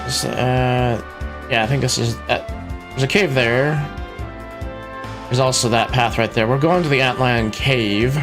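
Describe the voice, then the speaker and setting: A man's voice: mid-range voice, steady tone, unhurried, long pauses, over music. A man streaming a game, talking through it in a rambling, casual way. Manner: rambling, chuckling asides. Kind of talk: gameplay commentary.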